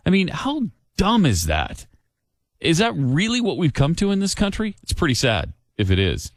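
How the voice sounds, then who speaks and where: A man's voice: fairly high pitch, huge pitch swings, normal speed, dry recording, clean studio sound. Sarcastic, mocking male radio co-host. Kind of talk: casual talk radio chat.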